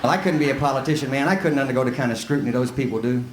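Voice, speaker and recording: A man with a West Texas accent doing a live stand-up set, plain-spoken and folksy with quick punchlines. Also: mid-range voice, background noise. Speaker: stand-up comic. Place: comedy club stage with audience. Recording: roomy live club recording with loud crowd laughter.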